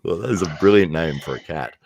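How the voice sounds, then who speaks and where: An Australian man hosts a livestream in easygoing chat, laughing often and slipping into voices for his stories. His voice sits very low. The recording is dry, with no room sound. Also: fast talker, creaky, darkish tone, dry recording. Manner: chatty, laughs often, acts out voices in anecdotes. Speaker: livestream host. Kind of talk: casual chat.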